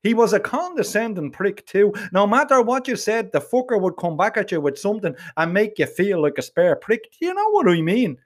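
Lively, foul-mouthed Dublin man telling a tale. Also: high-pitched, fairly quick, hardly any pauses. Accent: Dublin Irish. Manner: crude, swearing, lively. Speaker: narrator. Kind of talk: comic storytelling in character.

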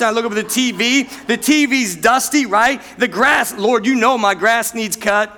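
A man's voice: very high voice, normal speed, few pauses, bright, forceful tone. A man preaching a sermon, telling a candid personal story and calling out to the congregation as church. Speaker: pastor. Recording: long hall reverb.

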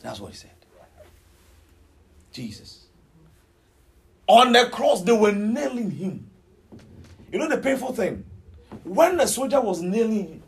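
A man delivers a sermon as dramatic storytelling, his fairly high voice leaping up and down with lively expression. He bursts into shouts, then drops to hushed near-whispers. A faint noise sits under the recording. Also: poor audio. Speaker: preacher.

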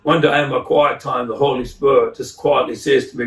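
A man's voice: medium pitch, steady tone, a little fast, few pauses. Fervent male preacher in echoey hall. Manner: fervent, rising to loud exclamations; repeats words as he builds. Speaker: pastor. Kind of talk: sermon. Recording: echoey hall, mic at a distance.

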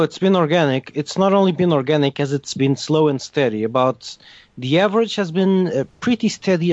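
A man's voice: on the high side, darkish tone, no echo. A man whose first language is Portuguese, a guest on a podcast, chatting casually and searching for words. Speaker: guest, motorcycle video creator. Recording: dull lo-fi sound.

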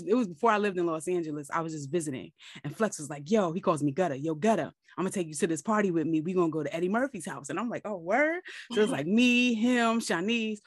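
Animated woman podcast host telling stories. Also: on the low side, dry recording, studio quality. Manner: animated storytelling, self-deprecating. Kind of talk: casual chat.

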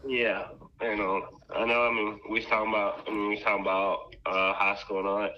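A man's voice: fairly low pitch, flat delivery, fairly quick. A man in casual chat, laid-back and easygoing, mostly giving short agreeing replies. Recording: dull lo-fi sound.

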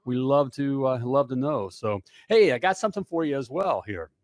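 A man's voice: mid-range voice, expressive, moderate pace, darkish tone, dry recording. A man in his fifties hosting a live talk show, talking with pumped-up energy and constant "hey" and "all right" asides.

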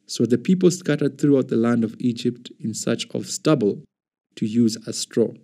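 A man narrating an audio Bible in an even, measured scripted reading. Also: medium pitch. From Kenya.

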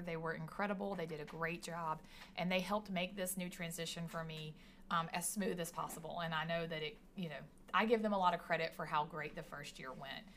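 Woman teacher chatting away on a podcast, lowish voice, bit of faint hiss behind. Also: fairly bright tone. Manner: chatty and enthusiastic, many restarts. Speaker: career tech education teacher. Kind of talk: casual podcast conversation.

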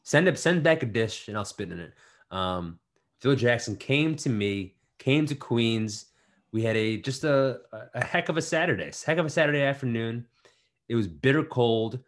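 A young man co-hosting a podcast, joking around in casual chat and riffing bits with quick restarts. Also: medium pitch, lively intonation. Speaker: podcast co-host.

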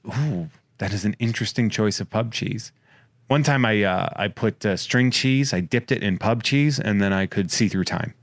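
A man hosting a podcast, rambling and joking as he reads out listener shout-outs in casual chat. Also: lowish voice, normal speed, no room sound. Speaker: podcast host.

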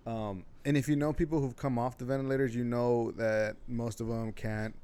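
A man co-hosting a loose podcast, swearing often and ranting bluntly. He sits at a middling pitch and talks casually, like he's chatting with a friend. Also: fairly even intonation, moderate pace, warm tone, smooth. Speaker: podcast host. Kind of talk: casual chat.

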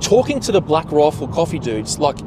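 Australiano animado con ruido de fondo. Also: male voice, a little high, moderate pace, noisy background. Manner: animated storyteller, swears freely, acts out quotes. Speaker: podcast co-host. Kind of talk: casual chat.

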